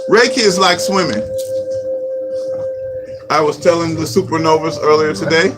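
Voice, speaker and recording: Guy with a high voice teaching healing stuff, repeats phrases slow, music going behind. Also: low-quality recording. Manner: slow, repetitive, chant-like phrasing. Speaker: Reiki teacher. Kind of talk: spiritual teaching talk.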